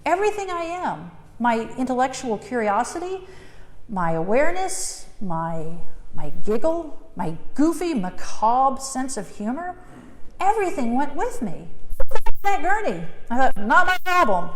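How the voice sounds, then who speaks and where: A middle-aged woman telling an audience her near-death experience, animated, quoting her own thoughts and giggling at her own jokes. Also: sits high, moderate pace. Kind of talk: personal talk to an audience. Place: talk in a hall. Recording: echoey hall with long reverb.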